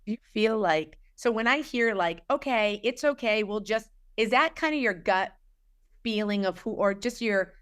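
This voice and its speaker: Woman host, smooth clear voice, mid pitch, frank and chatty, rewords her questions. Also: animated, moderate pace, fairly bright tone. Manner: frank, conversational, rephrases questions as she goes. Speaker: podcast host. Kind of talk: casual interview chat.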